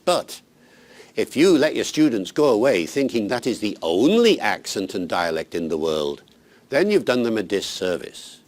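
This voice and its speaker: An older man, a linguist, giving teachers unscripted advice in an animated, emphatic, conversational way. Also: fairly low pitch. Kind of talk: unscripted explanatory talk.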